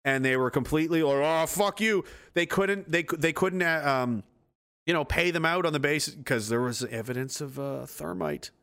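A man's voice: a little high, normal speed, vocal fry, a bit bright, smooth. Profane, ranting male political commentator. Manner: angry, profane, sarcastic.

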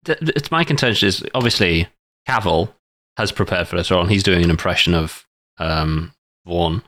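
A man's voice: sits low, normal speed, fairly bright tone. A man co-hosting a casual film discussion podcast, making short, dry, wry remarks. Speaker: podcast co-host.

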